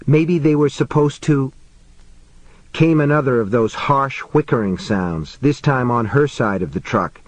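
A man narrating a suspenseful audiobook in a measured, tense storytelling manner. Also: medium pitch, dry recording, poor audio.

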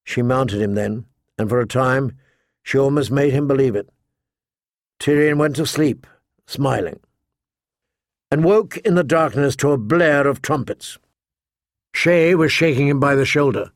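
A man narrating a fantasy novel in steady scripted narration. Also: medium pitch, measured pace, pauses often, no echo, clean studio sound. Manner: steady storytelling. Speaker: audiobook narrator.

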